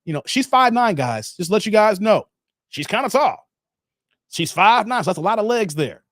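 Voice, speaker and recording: A man hosting a livestream, reacting to a clip with laughing, animated commentary and thanking viewers for donations. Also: high-pitched, moderate pace, no room sound, studio quality. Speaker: channel host reacting to a clip.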